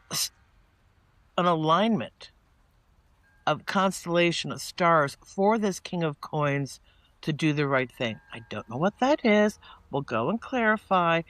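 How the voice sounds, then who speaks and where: A man giving a casual spoken tarot reading. He rambles and often restarts his sentences, and he turns lively when he quotes people. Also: high voice, no room sound. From northeastern United States. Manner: chatty and meandering, with many restarts and asides; animated when quoting people in mock-casual voices. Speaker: tarot reader.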